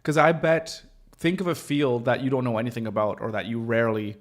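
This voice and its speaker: A man's voice: mid-range voice, steady tone, a little fast. A man with a Canadian accent hosting a casual chat as a web designer, rambling loosely with many fillers and self-mocking laughs. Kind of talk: casual chat while working on screen.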